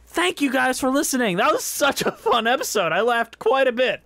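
A young man co-hosting a casual podcast, playful and quick to laugh, also reading sponsor spots. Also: very high-pitched, very animated, fairly bright tone, no room sound. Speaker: podcast co-host.

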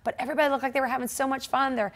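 A woman's voice: high-pitched, very fast. A woman in her forties, a triathlete guest, telling a story in a casual interview, laughing and acting out quotes. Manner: animated, laughing, acts out quotes.

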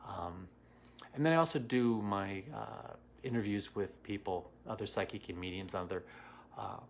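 Gravelly-voiced man chatting on a livestream. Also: lowish voice, moderate pace, slight background noise. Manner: chatty, greets viewers by name, many fillers. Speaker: psychic medium hosting a livestream. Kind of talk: casual livestream chat reading comments. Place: home in Washington, D.C.

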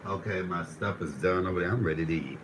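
A man hosting a live stream while cooking, ranting with heavy profanity and swinging between low muttering and raised shouting. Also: fast, background noise. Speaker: livestream host.

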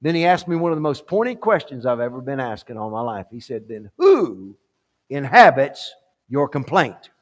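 A male pastor preaching a sermon in a church sanctuary, emphatic and repetitive, swinging from quiet, low asides to loud climaxes. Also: big pitch swings, quick pace, hardly any pauses.

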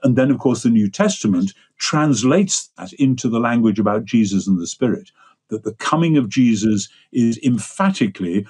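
A man's voice: lowish voice, expressive, moderate pace, darkish tone, breathy edge. An older man with an English accent, explaining ideas at length in a discursive, lecturing way as an interview guest. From England. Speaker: guest theologian.

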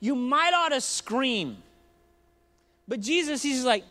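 High, bright-voiced joking preacher. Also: male voice, unhurried, long pauses. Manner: joking, conversational, animated. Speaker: pastor. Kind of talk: sermon. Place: church.

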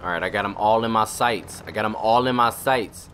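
A young man doing profane, excitable let's-play commentary. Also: lowish voice, fairly quick, a little hiss or hum. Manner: profane, excitable trash talk. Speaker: gamer commentator.

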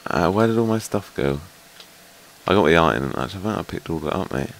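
A man's voice: deep voice, animated, quick pace, gravelly, a little hiss or hum. A man playing a game with a friend, swearing a lot and raging at the enemies that keep killing him. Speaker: gamer. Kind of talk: casual gaming chat.

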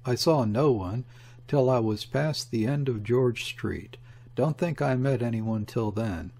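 A man reading the lines of a gloomy, desperate conspirator with a husky voice, in an audiobook. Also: medium pitch, a little slow, darkish tone. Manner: gloomy and bitter. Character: gloomy desperate middle-aged male conspirator.

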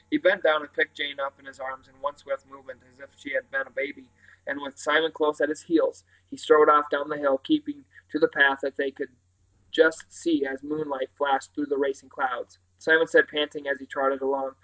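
A man reading a novel aloud, steady and plain, correcting the odd slip as he goes. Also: fairly high pitch, normal speed, rough recording. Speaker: reader.

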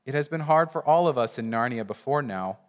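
A man voicing a wise, gentle male lion who speaks calmly and gravely, during a sermon reading. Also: medium pitch, a little fast, in a large hall, close to an everyday voice.

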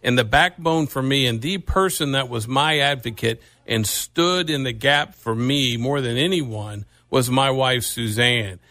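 A man interviewing a guest in an earnest, halting way with frequent restarts. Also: medium pitch, sharp tone, no echo. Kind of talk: conversational interview.

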